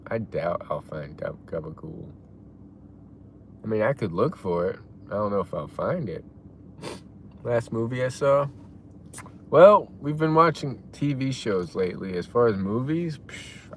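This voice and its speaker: A man live-streaming and chatting casually, reading out chat messages in a laid-back way and reacting loudly to donations. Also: lowish voice, gravelly, slight background noise.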